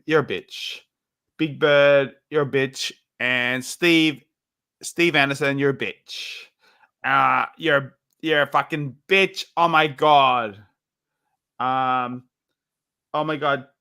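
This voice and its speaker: A man's voice: mid-range voice, sharp tone, clean tone. A drunk man with hiccups, rambling on a livestream while reading the chat, swinging between insults and self-pity. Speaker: livestream co-host.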